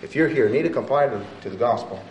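A man preaching a sermon in a church, swinging between loud, pleading appeals and quiet, soft asides. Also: expressive, quick pace, dull audio, a little hiss or hum. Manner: rises to loud impassioned appeals, then drops low and soft. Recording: echoey room from far off.

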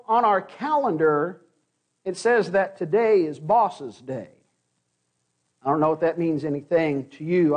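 A man, a pastor, preaching a sermon in an earnest way, often restarting words and pausing for emphasis. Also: high-pitched.

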